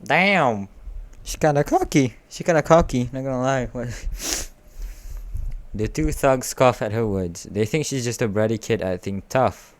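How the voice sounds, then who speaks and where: A man's voice: medium pitch, lively intonation. Young man reading fanfic, stumbling. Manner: reads haltingly, stumbles and corrects himself, joking asides. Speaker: fanfic reader. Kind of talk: casual read-aloud with commentary.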